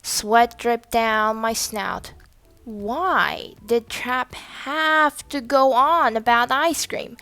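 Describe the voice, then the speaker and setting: A woman reads a children's storybook aloud in a high, expressive voice. She takes her time over every sentence, and the sound is close and dry. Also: dry recording, soft background music. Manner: expressive, deliberate reading aloud. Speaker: storybook reader. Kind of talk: children's audiobook narration.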